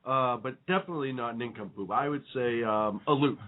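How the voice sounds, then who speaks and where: A man's voice: medium pitch, brisk. A man co-hosting a radio talk show, bantering casually with many fillers and laughing often. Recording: phone-like narrow audio.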